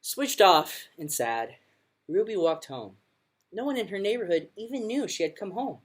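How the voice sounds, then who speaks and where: Woman reading a storybook aloud, very expressive. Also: mid-range voice, moderate pace, husky. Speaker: music teacher. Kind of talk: reading a picture book aloud.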